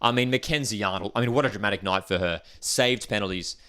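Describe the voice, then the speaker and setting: An excitable man, hosting a live watchalong stream and reading viewer comments aloud. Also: fairly low pitch, fast talker. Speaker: livestream host.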